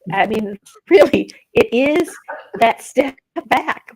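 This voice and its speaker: Woman chatting, telling a story from her day, animated. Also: fairly high pitch, slow, breathy edge, low-quality recording. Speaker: co-host. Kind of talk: casual spiritual chat.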